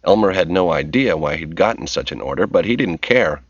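A man narrating a novel as an audiobook in a steady, measured reading voice. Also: low voice, husky, dry recording, muffled recording.

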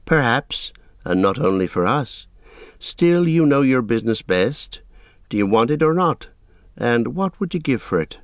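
A man's voice: mid-range voice, big pitch swings, a little slow, dry recording, clean studio sound, pitched above the performer's own voice. A man voicing an alert, shrewd young male hobbit, speaking coolly.

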